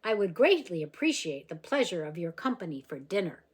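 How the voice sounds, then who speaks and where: A woman's voice: lowish voice, big pitch swings, fairly quick, slightly rough. A woman voicing a teasing young boy, giggly and sometimes mock-formal. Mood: mock-proper.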